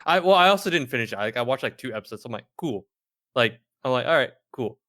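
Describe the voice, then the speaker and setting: A man's voice: medium pitch, expressive, fast, pushed and bright. A young man co-hosting a podcast, talking in a rambling, casual way with lots of fillers. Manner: rambling, filler-heavy storytelling. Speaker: podcast co-host. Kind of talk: casual chat.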